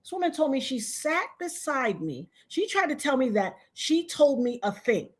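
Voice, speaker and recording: A woman's voice: high-pitched, big pitch swings, normal speed. A woman being interviewed who tells her story in a blunt, emphatic, profane way. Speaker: guest.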